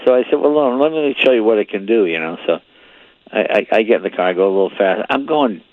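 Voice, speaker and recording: A man's voice: lowish voice, expressive, fast talker, no room sound. A man in his seventies, a comedian guest, telling rambling anecdotes and acting out the voices in them. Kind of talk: phone-in interview, storytelling. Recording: muffled lo-fi radio line.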